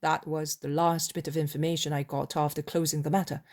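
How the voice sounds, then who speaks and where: A woman narrating an audiobook of a religious novel in a slow, deliberate reading. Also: low-pitched, little pitch movement, darkish tone.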